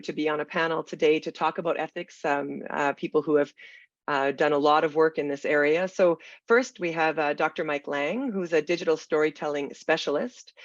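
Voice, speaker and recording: A webinar moderator with a gravelly voice, irritated by smoky air, speaking in a halting, hedging way over a video call. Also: mid-range voice, dry recording. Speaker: panel moderator. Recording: dull, dry video call audio.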